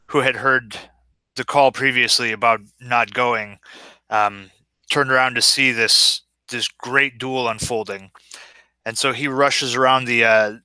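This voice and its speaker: A man's voice: medium pitch, pushed and bright, smooth, dry recording. A man eagerly describing his character's actions in a tabletop role-playing game, often correcting himself as he goes. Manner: eager, rambling, self-correcting. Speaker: player.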